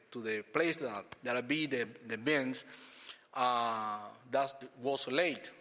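A man's voice: mid-range voice, a bit bright, in a large hall. Man giving church testimony. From Cuba. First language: Spanish. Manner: halting non-native English with frequent restarts.

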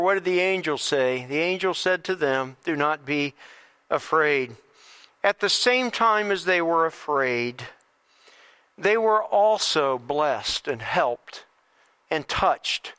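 A man's voice: high-pitched, sharp tone, clean tone. A man preaching an Easter sermon earnestly, repeating phrases and restarting lines as he encourages his listeners. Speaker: pastor.

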